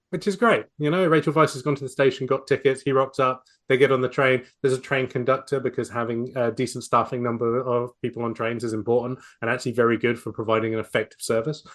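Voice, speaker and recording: A man's voice: mid-range voice, level tone, brisk, a bit bright. A man with a New Zealand accent, hosting a casual film-review podcast with wry, sweary asides and frequent laughs. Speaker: podcast host.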